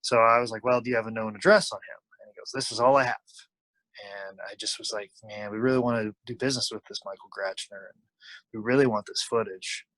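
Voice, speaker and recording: A man's voice: lowish voice, fast, no room sound, poor audio. A man telling a long anecdote as an interview guest, acting out the people he quotes. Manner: animated, acts out quoted lines. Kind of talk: casual storytelling.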